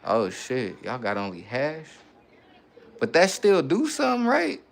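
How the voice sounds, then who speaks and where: A man's voice: medium pitch, huge pitch swings, measured pace, creaky. A man hosting a casual livestream, reading viewer comments aloud and answering in loose, slang-heavy banter. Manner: laid-back slang-heavy banter with frequent laughing. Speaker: livestream host.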